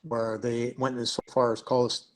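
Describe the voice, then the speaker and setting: A man from Canada talking in a relaxed, theorizing way in a casual online chat. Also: medium pitch, measured pace.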